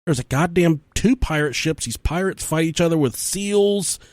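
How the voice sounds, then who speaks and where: Profane, animated podcast storyteller man. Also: fairly high pitch, moderate pace, no room sound, clean studio sound. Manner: profane, animated storyteller who acts out quotes. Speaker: podcast co-host. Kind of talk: casual podcast chat, storytelling.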